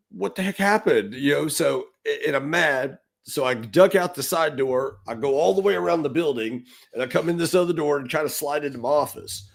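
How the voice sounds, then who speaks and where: A middle-aged man co-hosting a podcast, telling an animated story and acting out the quotes. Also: fairly high pitch, creaky. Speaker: podcast co-host. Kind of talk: storytelling in casual podcast talk.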